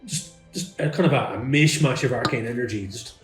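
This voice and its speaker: A man narrates as game master, describing scenes in a loose, rambling way with plenty of fillers. His voice sits at a middle pitch. The room is echoey and faint music plays underneath. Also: brisk.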